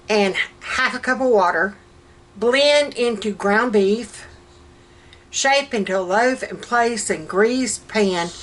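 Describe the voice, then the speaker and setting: A woman's voice: medium pitch, a bit bright, rough recording. A middle-aged woman with a Southern American accent, chatting folksy and cheerfully through a home cooking vlog in her kitchen, laughing often. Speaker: vlogger. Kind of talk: casual cooking vlog chat.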